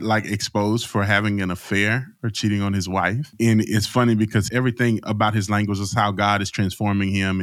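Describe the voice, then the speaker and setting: A man's voice: lowish voice, a bit bright, no echo. A man co-hosting a podcast in casual chat, laid-back, retelling news with dry humor. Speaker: podcast co-host.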